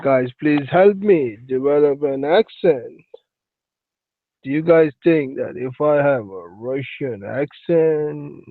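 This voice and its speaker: A man hosting a casual live stream, rambling slowly and calling out to his viewers by name, on a tinny phone-like recording. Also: fairly high pitch, dry recording. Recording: tinny phone-like sound, dry.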